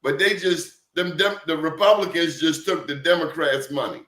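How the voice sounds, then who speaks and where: A man's voice: a little high, steady tone, normal speed, fairly bright tone. A man moderating a political roundtable, asking probing, teasing questions. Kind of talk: political discussion. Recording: roomy echo.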